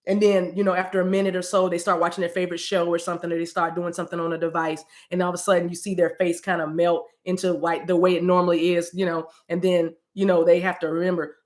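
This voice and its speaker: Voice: mid-range voice, steady tone, fast, hardly any pauses. A spiritual card reader giving a casual message, quoting scripture loosely, who often repeats words and restarts sentences.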